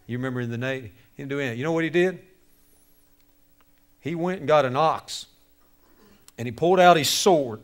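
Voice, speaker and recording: A man preaching a lively sermon, telling a story and acting out its characters with jokes for the audience. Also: on the high side. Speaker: speaker to youth on bullying.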